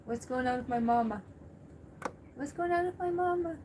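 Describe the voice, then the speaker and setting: A woman voicing her pet cat, a curious house cat, in a soft hushed tone. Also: high voice, normal speed, noisy background, lightly acted.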